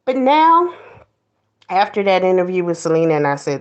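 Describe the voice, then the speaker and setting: A woman's voice: on the low side, sing-song, normal speed. A woman host giving a blunt, preachy commentary monologue, mocking others in put-on voices.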